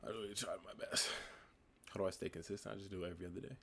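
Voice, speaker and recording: Speaking fast, almost racing, this nineteen-year-old man from the U.S. has a low, gravelly, husky voice. He's the host of a livestream, casually reading out chat comments and responding to them in an easygoing way.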